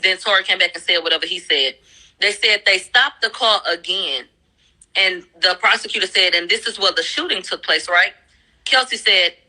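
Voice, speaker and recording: A woman's voice: on the low side, bright, forceful tone, rough recording. A woman casually recapping courtroom testimony, talking in a loose, profane way and acting out the quotes she relays. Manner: conversational, profane, acts out quoted lines. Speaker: commentator recapping a trial.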